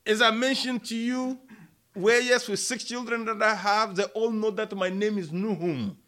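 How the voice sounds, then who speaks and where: A middle-aged man preaching a sermon, speaking slowly and deliberately, repeating key words for emphasis and addressing listeners as brother and sister. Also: high voice, fairly even intonation, a bit bright.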